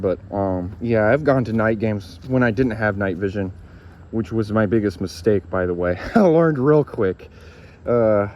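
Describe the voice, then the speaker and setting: A man's voice: mid-range voice, darkish tone. A man casually reviewing a gadget for his viewers, rambling and retelling a friend's reactions with some swearing. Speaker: YouTube reviewer.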